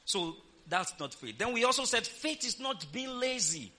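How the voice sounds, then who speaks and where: A man's voice: very high voice, very animated, moderate pace, sharp tone. A man preaching a sermon, emphatic and calling on the congregation to answer back. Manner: emphatic, calls for congregation responses.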